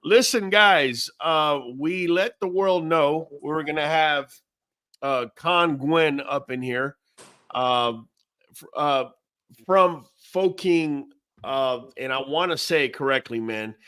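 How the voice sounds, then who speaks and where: A man's voice: fairly high pitch, slow, sharp tone, clear, resonant tone. A man hosting a live podcast, upbeat and hyped, often calling people "man". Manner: upbeat, hype, says "man" a lot. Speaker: podcast host.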